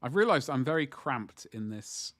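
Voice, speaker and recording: A man's voice: medium pitch, very animated, moderate pace, a bit bright. A man chatting casually to viewers on a livestream as he paints miniatures, rambling and joking in asides.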